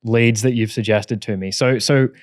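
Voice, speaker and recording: A man's voice: mid-range voice, steady tone, moderate pace, no room sound, clean studio sound. A man hosting a podcast interview, steering the talk with casual, conversational questions. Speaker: podcast host.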